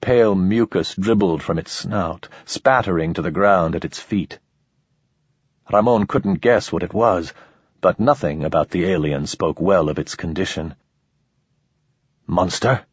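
A man with a low, husky voice reads an audiobook in a steady, measured way. The sound is dry and close, with a slightly dull, muffled top end. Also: dry recording. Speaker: audiobook narrator. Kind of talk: scripted narration.

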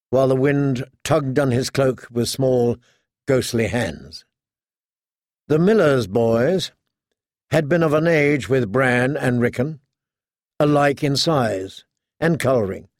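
A man reads a dark fantasy audiobook in an unhurried, measured, somber manner. His voice sits in a mid male register and sounds close and dry, with no room sound. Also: mid-range voice, no room sound. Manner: slow, measured, somber storytelling. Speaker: audiobook narrator. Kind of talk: scripted narration.

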